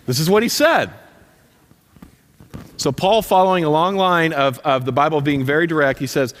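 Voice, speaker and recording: A man's voice: a little high, moderate pace. Emphatic male pastor preaching in a hall. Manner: emphatic, repeats commands, direct and punchy. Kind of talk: sermon. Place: church sanctuary.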